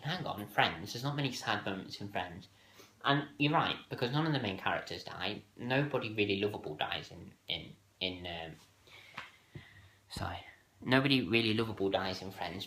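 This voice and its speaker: Male host, low-pitched, hesitant casual delivery full of fillers, roomy echo. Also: sharp tone. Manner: hesitant, many fillers and restarts. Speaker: video host ranking TV moments. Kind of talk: casual solo countdown talk. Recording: echoey room.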